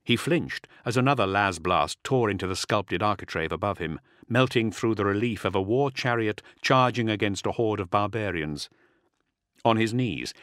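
A man narrating an audiobook with a dramatic, expressive reading. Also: on the low side, no echo, clean studio sound. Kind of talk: scripted narration.

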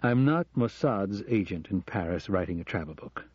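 Earnest confessing professor, read by a man: low, mellow, dry and a bit dull. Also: expressive, normal speed, slightly rough, no echo. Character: middle-aged American professor confessing, earnest. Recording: dull lo-fi audio.

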